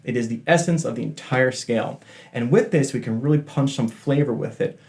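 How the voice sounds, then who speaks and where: A man's voice: medium pitch, a little fast, creaky, darkish tone. A man giving a casual guitar lesson in a chatty, joking way with self-deprecating asides. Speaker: guitar teacher. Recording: faint guitar playing behind.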